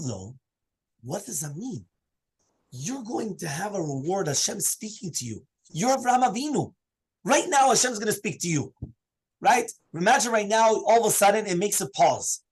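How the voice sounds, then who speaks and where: A man teaching a Torah class as a rabbi, telling stories with big swings in pitch and loudness. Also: husky, poor audio. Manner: animated storytelling with swinging pitch and volume.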